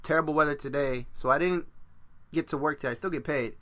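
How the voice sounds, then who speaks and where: A man's voice: on the high side, fast, sharp tone, no room sound. A man hosting a casual podcast chat, rambling and joking at his own expense. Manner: rambling, joking and self-mocking. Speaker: podcast host.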